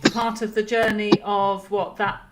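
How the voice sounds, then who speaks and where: A woman's voice: mid-range voice, little pitch movement, moderate pace, noisy background. A woman co-hosting a casual spiritual talk show, searching for words with many restarts. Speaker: co-host.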